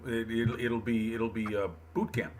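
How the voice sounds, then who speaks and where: A man co-hosting a live stream, talking casually, halting and self-deprecating. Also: medium pitch, level tone, noisy background. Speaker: stream co-host. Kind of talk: casual chat.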